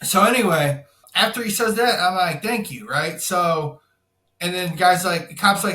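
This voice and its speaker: A man's voice: sits high, animated, unhurried, sharp tone, echoey room. A young man casually and profanely telling a wild story as a podcast guest, acting out what each person said. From Florida. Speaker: podcast guest, insurance salesman.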